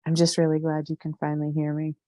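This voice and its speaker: A woman as a therapy client, talking haltingly and repetitively through an emotional memory, with many fillers. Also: deep voice, monotone, dark tone, no room sound. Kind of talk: emotional guided recall.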